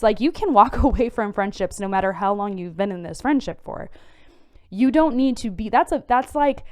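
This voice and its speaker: Frank woman with a smooth voice. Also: mid-range voice. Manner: frank, conversational, repeats herself for emphasis. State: tired. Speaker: podcast host. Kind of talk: casual advice podcast.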